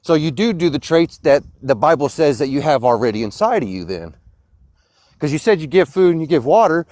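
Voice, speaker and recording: A man preaching insistently in an online debate, his voice sitting fairly high for a man. The sound is close and dry, with no room around him. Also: big pitch swings, brisk, no echo. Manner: insistent and preachy, rising to loud outbursts. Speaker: Christian caller in a debate. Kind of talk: heated live-stream debate.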